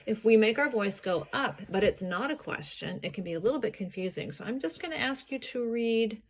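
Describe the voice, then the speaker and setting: A woman tutor patiently coaching a student's reading and explaining clearly. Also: fairly high pitch, expressive, fairly quick. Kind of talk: gentle coaching.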